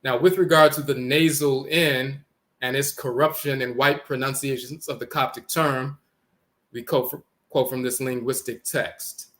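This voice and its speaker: A man gives a lecture on how words change, with a bright, forceful edge to his voice. He talks deliberately, spells out letters and says each word twice. He points to text on a screen as he goes. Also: mid-range voice, steady tone. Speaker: lecturer on language origins.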